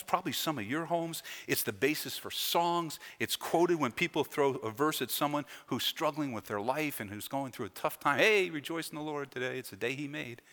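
Emphatic pastor, bright voice, echoing hall. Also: male voice, on the high side. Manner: emphatic, rising and falling delivery with repeated phrases. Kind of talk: sermon. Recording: long hall reverb.

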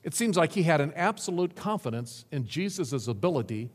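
A man's voice: big pitch swings, a little fast. Man preaching in a reverberant hall. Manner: dramatic preaching with sweeping pitch and emphatic repetition. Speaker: pastor. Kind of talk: sermon.

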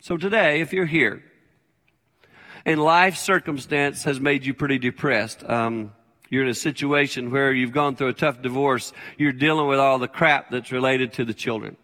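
A man's voice: medium pitch, steady tone, moderate pace, pushed and bright. An older man preaching a sermon as a pastor, conversational and plain-spoken, repeating his key phrases. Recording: long hall reverb.

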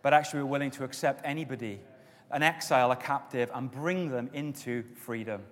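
A man preaching a sermon as pastor, with stretches of loud, emphatic exhortation and softer prayer. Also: medium pitch, a little fast. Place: church auditorium. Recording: long reverb of a church hall.

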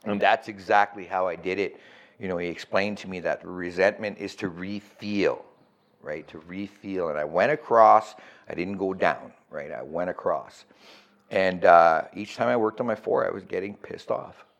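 A man's voice: low-pitched, normal speed, creaky. A middle-aged man telling his recovery story as a guest, candid and profane, often checking in with "right?".

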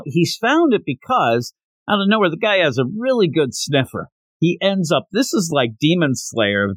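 A podcast host with a fairly high-pitched voice chats animatedly as he recaps a manga chapter in a casual way. The recording is dry, with no room sound.

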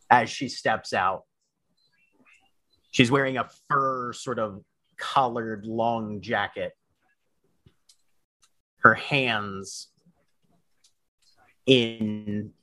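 A man running a tabletop game as storyteller, narrating scenes in a measured, descriptive way. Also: fairly low pitch, a bit bright, no echo.

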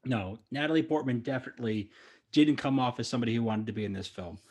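A man hosting a podcast, asking friendly, measured questions in casual chat. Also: medium pitch, slightly rough. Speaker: podcast host.

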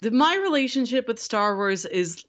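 A woman co-hosting a casual podcast chat, relaxed and filling her talk with "like". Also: on the high side, moderate pace. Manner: relaxed, frequent "like" fillers. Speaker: podcast co-host.

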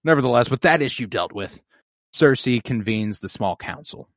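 A man talks through a TV episode in loose, profane podcast chat, jumping into the characters' voices as he goes. His pitch swings widely and his delivery is animated. The sound is dry and close, with no room in it. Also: moderate pace, no room sound. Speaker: podcast co-host. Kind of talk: casual chat recapping a TV episode.

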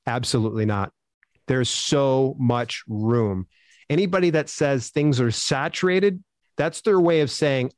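A man answering interview questions as a self-publishing expert, upbeat and animated, acting out quotes as he tells stories. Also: mid-range voice, a little slow, no echo, clean studio sound.

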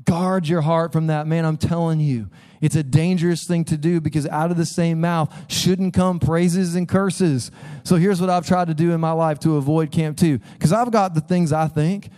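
A man's voice: on the high side, steady tone, moderate pace, dark tone. Joking, conversational male pastor preaching. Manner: conversational and joking, acts out quoted voices. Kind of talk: sermon. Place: church.

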